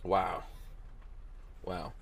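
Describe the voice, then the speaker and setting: A man's voice: drawn-out words, fairly bright tone, no room sound. A man hosting a podcast in casual chat, joking around and reading viewer comments aloud. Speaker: podcast host.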